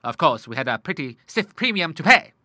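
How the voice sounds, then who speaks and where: A man's voice: a little high, very animated, fairly quick, pushed and bright, no echo, clean studio sound, heavily acted. A man reading an audiobook, voicing a hearty, blustering old retired navy admiral who talks in sea terms. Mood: bluff.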